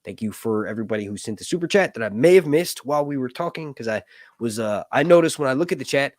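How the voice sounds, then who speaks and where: Casual guy hosting a stream, lots of ums and jokes, lively swoopy voice, dead dry room. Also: medium pitch, quick pace, no echo. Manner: rambling, animated, frequent fillers and jokes. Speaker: host. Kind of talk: casual livestream chat.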